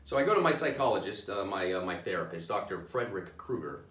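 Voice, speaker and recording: A man doing a stand-up comedy set, self-deprecating and halting, with many restarts. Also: sits low, sing-song, fairly bright tone, reverberant, far from the mic.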